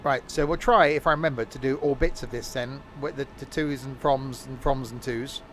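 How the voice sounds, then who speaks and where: A man streaming a game, chatting away to himself in a loose, jokey ramble with plenty of restarts. His pitch sits in a middle range, with faint background noise. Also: steady tone, normal speed, fairly bright tone. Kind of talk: live gameplay commentary.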